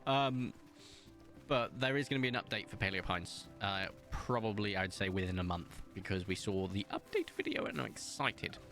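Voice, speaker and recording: A man's voice: fairly low pitch, moderate pace, pushed and bright, soft background music. A British man streaming a game, chatting casually with viewers, reading chat aloud and laughing often. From Britain. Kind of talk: casual live-stream chat while gaming.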